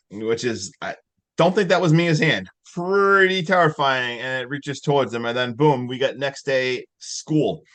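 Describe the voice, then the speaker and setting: A man hosting a podcast rattles through a movie plot in a loose, chatty way. His voice sits at an everyday middle pitch. He gets worked up at the creepy parts and throws in the odd swear word. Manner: excitable storytelling, loose and profane. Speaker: podcast host. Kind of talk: casual movie recap.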